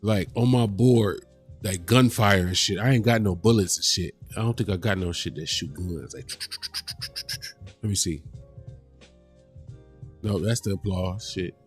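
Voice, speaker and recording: A man hosting a casual reaction livestream, animated and profane, talking straight to his chat. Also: deep voice, measured pace, long pauses, faint music behind. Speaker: livestream host.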